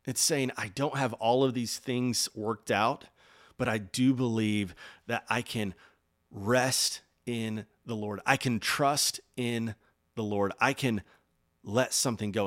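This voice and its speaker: A man preaching a sermon, earnest and encouraging, rising loud on key points and dropping soft and slow when he speaks of rest. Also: medium pitch. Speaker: pastor.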